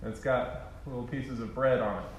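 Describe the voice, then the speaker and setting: A man teaches a Bible lesson to a class, asking them questions and joking about his own drawing skills. His voice sits at an ordinary middle pitch. The sound is roomy and echoey, as if captured in a classroom. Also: fairly even intonation, normal speed, slight background noise. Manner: conversational, quizzes the class, self-deprecating jokes. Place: classroom with a group. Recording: echoey room.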